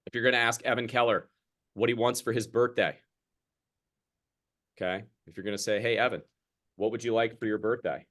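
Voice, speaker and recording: A man's voice: medium pitch, steady tone, a little fast, pauses often, fairly bright tone. A young man coaching a sales team over a video call, chatty and casual, acting out exchanges with customers. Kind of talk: sales training talk on a group video call.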